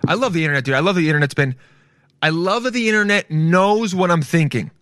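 A man's voice: sits high, lively intonation, quick pace, fairly bright tone, no room sound, clean studio sound. A young man in a casual, joking reaction commentary, swearing freely and calling everyone dude. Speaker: commentary host.

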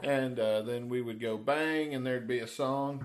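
A man's voice: mid-range voice, measured pace, few pauses, echoey room. A man hosting a podcast, dry and blunt, leading segments and signing off. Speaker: podcast host.

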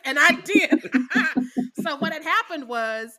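Woman cohost, bright high voice, super animated, does little voices while she chats. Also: measured pace. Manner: animated, acts out characters in voices, laughs often. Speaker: podcast co-host. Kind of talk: casual chat.

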